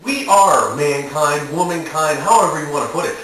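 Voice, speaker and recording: A young man vlogging, telling a comic story in an excitable way and acting out his own panicked reactions. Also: a little high, moderate pace, heavy reverb, distant mic, poor audio. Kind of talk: animated storytelling monologue.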